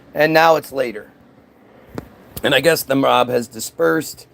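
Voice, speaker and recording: A man's voice: medium pitch, steady tone, measured pace, creaky. A man telling a comic story in a loose, rambling way, full of swearing and asides.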